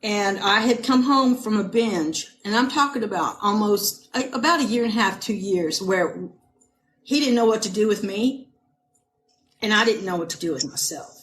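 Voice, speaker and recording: A middle-aged woman from California tells a hard personal story as a podcast guest. She talks in emotional, halting bursts, repeating words and starting over. Faint noise sits under her voice. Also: mid-range voice, a bit bright. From United States (California). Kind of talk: personal testimony in a podcast interview.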